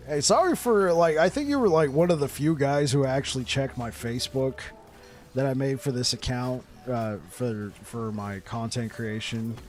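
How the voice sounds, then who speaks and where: On a live game stream, a man chats casually with viewers in a mid-range voice at a moderate pace. He laughs a lot, repeats words as he talks, and gets excited telling a story, with soft music in the background.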